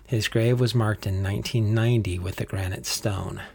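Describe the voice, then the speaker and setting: A man's voice: fairly low pitch, steady tone, moderate pace, gravelly, darkish tone, breathy edge. Man reading and chatting about faith. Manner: reads passages aloud, then chats with restarts. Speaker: podcast co-host. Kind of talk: casual faith chat.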